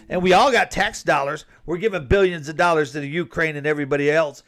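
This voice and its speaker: A man's voice: on the high side, quick pace, few pauses, fairly bright tone. A man delivering a fired-up, indignant opinion monologue, often tacking on "man". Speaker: commentator.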